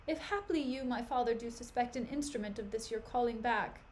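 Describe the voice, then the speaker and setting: A woman's voice: fairly high pitch, brisk, a little hiss or hum, close to an everyday voice. A woman reading the part of a young noblewoman pleading with her husband, in an earnest, imploring way. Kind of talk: casual dramatic reading on a livestream.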